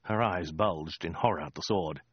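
A man narrating a comic story in a dry, deadpan way. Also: deep voice, normal speed, breathy edge, no room sound, dull audio. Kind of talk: audiobook reading.

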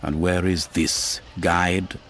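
A man voicing a cool, menacing Imperial officer who speaks slowly and quietly threatens. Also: deep voice, flat delivery, voice pushed down, exaggerated voice. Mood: cold, probing.

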